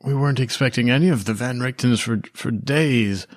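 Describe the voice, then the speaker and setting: A man's voice: medium pitch, no room sound, clean studio sound, lightly acted. A man voicing a polite, deferential male estate servant in a tabletop game. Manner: courteous, deferential, unhurried.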